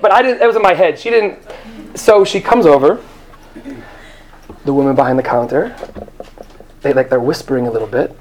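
High-voiced man telling a rambling story. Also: sing-song, normal speed, pauses often, darkish tone. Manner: rambling, self-deprecating, jumps into high character voices. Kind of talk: live comic storytelling. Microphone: handheld microphone.

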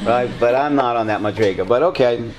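A man's voice: mid-range voice, a little fast, noisy background. A man in his sixties, a rabbi answering audience questions in a conversational, joking way, with Hebrew terms mixed in. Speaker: rabbi teaching a class.

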